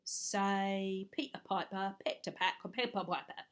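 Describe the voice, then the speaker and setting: Mum doing a gruff storybook burglar guy, loud and drawly, slow. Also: medium pitch, natural voice. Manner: slow, loud, drawling dialogue with dropped grammar. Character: rough-spoken adult male burglar, gruff but kindly. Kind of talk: reading a picture book aloud.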